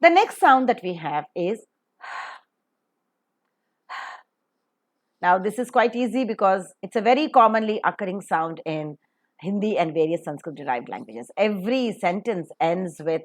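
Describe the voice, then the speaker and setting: A woman teaching a phonetics lesson, spelling words out letter by letter and repeating them slowly and deliberately. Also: medium pitch, animated. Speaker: English pronunciation teacher.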